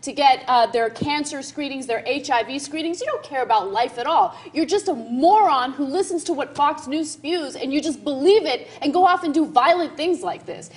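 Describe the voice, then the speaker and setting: A woman's voice: high voice, lively intonation, moderate pace, few pauses. A female talk show co-host giving blunt, indignant opinion commentary.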